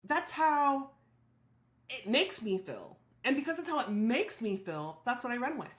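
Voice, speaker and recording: A woman's voice: a little high, sing-song, unhurried, fairly bright tone. Candid woman in an echoey room. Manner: candid, self-reflective, quotes her own thoughts. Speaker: podcast host. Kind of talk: solo personal reflection.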